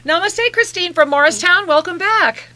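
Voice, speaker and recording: A woman hosting a call-in radio show, giving effusive, emotional soul readings that slow into soft guided meditation. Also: very high voice. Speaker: radio show host and spiritual reader.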